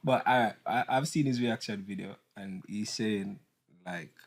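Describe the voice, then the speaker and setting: A lower-voiced man hosts a podcast discussion. He speaks in a measured way and sums up what others argued. He leads the talk with steady follow-up questions. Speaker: podcast host.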